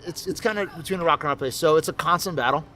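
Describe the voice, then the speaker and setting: A man who owns a brewery, telling stories casually in an interview, relaxed and profane, laughing as he talks. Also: fairly high pitch, very fast, slight background noise. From Miami, USA. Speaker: brewery owner, interview guest. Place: his brewery.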